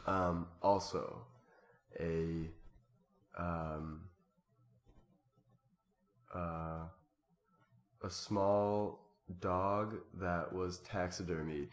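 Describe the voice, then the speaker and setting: Low-voiced man, casual chat, lots of ums and restarts, laughs easily. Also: fairly even intonation, extremely slow, long pauses. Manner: rambling, hesitant, full of ums, bursts of laughter. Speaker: improv performer.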